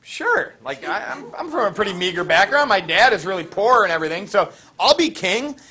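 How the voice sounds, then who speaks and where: A man's voice: sits high, very animated, fairly quick, pushed and bright, exaggerated voice. A man playing a brash young mythic hero, talking in casual modern slang in a classroom. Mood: cocky. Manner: breezy, offhand, modern slang.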